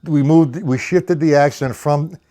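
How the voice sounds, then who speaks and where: A man's voice: a little high, unhurried, mellow. An older man giving a casual, rambling live-streamed drum lesson, counting beats aloud as he explains technique. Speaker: drum teacher.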